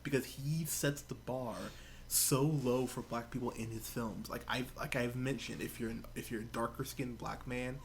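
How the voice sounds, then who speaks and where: Animated man co-hosting a movie podcast. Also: mid-range voice, moderate pace, a little hiss or hum. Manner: animated, laughing storyteller. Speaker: podcast co-host. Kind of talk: casual movie review chat.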